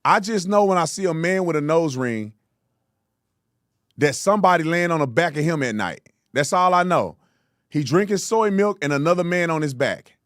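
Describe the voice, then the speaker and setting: Man, political commentary host, high voice, animated, dry close sound. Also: moderate pace, dry recording. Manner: animated, mocking, loud outbursts.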